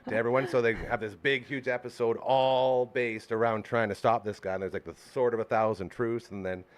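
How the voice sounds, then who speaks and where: A man's voice: mid-range voice, steady tone, fairly quick. A man chatting casually as a podcast co-host, joking and teasing in banter. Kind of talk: casual chat.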